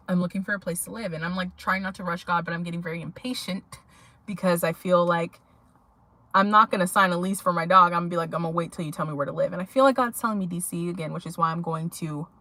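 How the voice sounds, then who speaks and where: A woman's voice: fairly low pitch, sharp tone, dry recording. A young adult woman vlogging to her viewers, telling a rambling story in a chatty way with many fillers. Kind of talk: casual chat to viewers.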